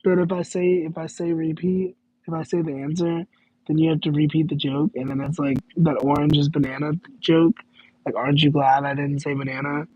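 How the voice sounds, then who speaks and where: A man with a somewhat high, slightly husky voice talks loosely to his audience, rambling and correcting himself as he goes. The sound is a little dull and lo-fi, like stream audio. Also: little pitch movement, normal speed, mellow. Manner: rambling, self-correcting, laughs in disbelief. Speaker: streamer answering chat questions. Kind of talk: casual live Q&A chat.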